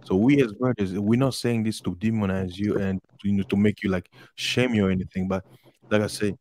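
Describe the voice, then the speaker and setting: A man giving advice in a casual group voice chat, speaking slowly and deliberately in a coaching tone. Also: lowish voice, steady tone, a little mellow, slight background noise.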